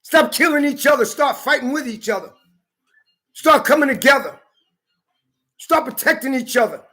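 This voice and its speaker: High, bright-voiced man ranting angrily. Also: expressive, moderate pace. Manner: heated, profane, often shouting. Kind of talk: angry rant to camera. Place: California.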